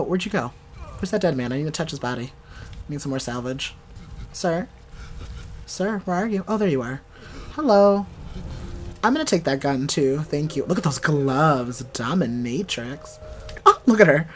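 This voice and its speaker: A young adult gaming host giving playful, chatty let's play commentary. The host talks back to the game characters and breaks into excited shouts during fights. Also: medium pitch, normal speed, soft background music.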